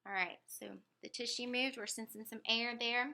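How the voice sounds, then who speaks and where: A woman running a motor speech examination, giving calm step-by-step instructions. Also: on the high side, normal speed. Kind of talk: clinical motor speech exam.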